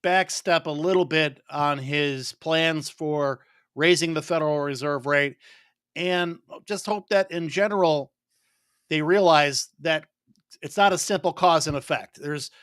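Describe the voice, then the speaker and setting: Male mortgage lender, regular guest; measured, dry close-mic sound. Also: on the high side, a bit bright, clear, resonant tone, dry recording. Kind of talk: casual interview answers.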